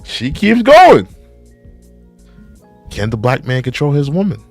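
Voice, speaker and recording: Animated young man asking rhetorical questions. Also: mid-range voice, fairly quick, soft background music. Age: young adult. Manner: animated, repeats rhetorical questions, reads viewer comments aloud. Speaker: reaction video host. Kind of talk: casual live commentary.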